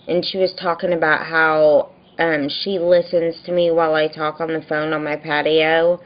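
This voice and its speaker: A woman's voice: sits low, muffled recording. A woman vlogger venting in a rambling, frustrated daily video diary, telling a story by quoting what she and others said.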